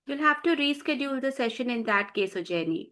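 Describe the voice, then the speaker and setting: A woman running an online teacher training, giving brisk instructions and calling on participants by name. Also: high-pitched, animated, a bit bright.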